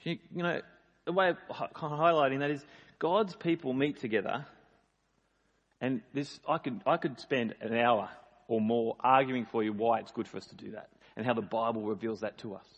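A man's voice: medium pitch, fairly even intonation, normal speed. A man preaching a sermon in a conversational, emphatic way. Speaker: pastor. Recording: dull lo-fi sound in a reverberant hall.

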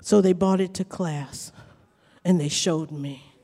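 A woman's voice: lowish voice, slow, warm tone. A woman preaching a fervent sermon testimony, telling the story and breaking into repeated hallelujahs in a church hall. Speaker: preacher and Bible college teacher. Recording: long reverb of a large hall.

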